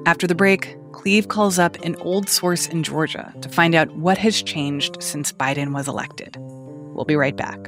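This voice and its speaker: A male podcast host narrating a scripted segment in a calm, measured way. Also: a little high, over music.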